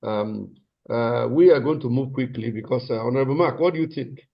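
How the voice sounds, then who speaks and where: A man's voice: mid-range voice, a little fast, creaky. A man moderating an online meeting, giving effusive, stammering praise and thanks. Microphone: video call. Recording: dull lo-fi video call audio.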